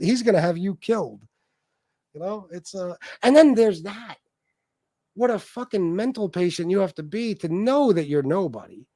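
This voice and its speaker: Heated male livestream host, high voice, swearing rant, dry mic. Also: dark tone, no echo. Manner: profane, heated, repetitive. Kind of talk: ranting livestream commentary.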